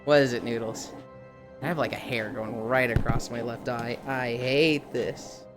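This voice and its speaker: A woman's voice: extremely low pitch, fairly even intonation, measured pace, music in the background. A young woman streamer chatting casually with her viewers, telling stories animatedly and slipping into mocking impressions. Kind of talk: casual chat with chat readers.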